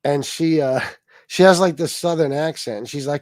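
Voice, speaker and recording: A man's voice: fairly high pitch, moderate pace, darkish tone, no room sound. A man hosting a casual livestream, rambling, swearing freely and reacting to chat comments. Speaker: livestream host.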